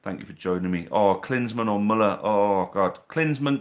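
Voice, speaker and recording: A man's voice: on the low side, moderate pace, lo-fi sound. A man hosting a casual live stream from home, chatting, reading out viewer questions and teasing them, recorded on a phone on a tripod. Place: living room at home.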